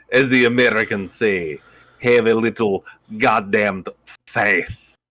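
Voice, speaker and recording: A man putting on a mock Eastern European accent to play a gruff, preachy stranger. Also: fairly low pitch, takes it slowly, pushed and bright, no echo, clean studio sound, voice pushed down. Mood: mock solemn.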